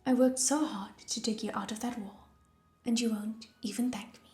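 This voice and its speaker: A woman voicing a playful young man who teases lightly and mock-gently in an audiobook reading. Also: on the high side, steady tone, normal speed, natural voice. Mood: teasing. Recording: roomy echo with soft music.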